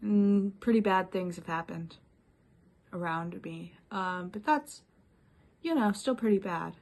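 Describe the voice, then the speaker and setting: Young woman, gravelly fry, rambling personal video message. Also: medium pitch, takes it slowly. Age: young adult. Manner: rambling, soft-spoken, frequent ums and little laughs. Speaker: former classmate giving a life update.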